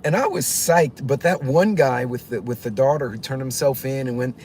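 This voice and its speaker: A man's voice: mid-range voice, normal speed, a little mellow, slight background noise. A man hosting his own channel, telling a story in a casual, rambling way with many fillers and restarts, acting out other people's voices. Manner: acts out other people's voices while retelling. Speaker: channel host.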